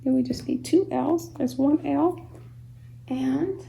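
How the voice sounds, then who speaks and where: High, gravelly woman teacher, patient. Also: warm tone, a little hiss or hum, low-quality recording. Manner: slow, patient, sounds words out syllable by syllable. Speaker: homeschool teacher. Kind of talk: phonics lesson for young children.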